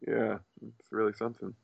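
Man, casual chat, animated, swearing, acts out quotes loudly, dry dull recording. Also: mid-range voice, no room sound.

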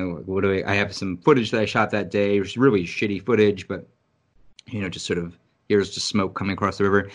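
Man from New York City, lower voice, casual, swears a lot, animated storyteller. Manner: rambling, profane, animated storytelling. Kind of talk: casual conversation. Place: Virginia.

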